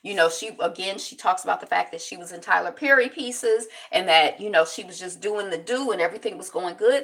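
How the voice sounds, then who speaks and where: A woman chatting casually as she recaps a TV episode, animated and digressive, laughing as she goes. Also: on the low side, creaky. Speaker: TV recap host.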